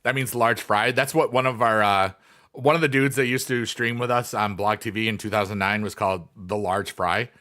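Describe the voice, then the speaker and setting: A man's voice: on the low side, fairly even intonation, normal speed, pushed and bright. A man in casual livestream chat, rambling with lots of fillers and reading chat messages aloud. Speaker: livestreamer, former teacher.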